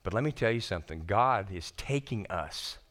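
A man preaching a sermon as pastor, animated and folksy, talking casually to his congregation. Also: lowish voice, normal speed.

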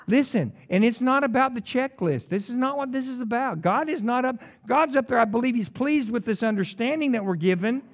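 A man preaching a sermon as pastor, jumping between loud emphatic peaks and quiet, joking asides to the congregation. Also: very high-pitched, expressive, moderate pace, highs cut off. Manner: humorous, teasing the congregation.

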